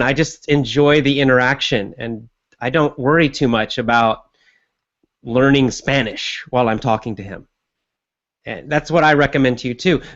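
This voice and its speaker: A man hosting a language-learning show, giving relaxed, repetitive coaching advice to listeners. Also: medium pitch, dull audio. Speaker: English teacher and podcast host. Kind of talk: conversational lesson monologue.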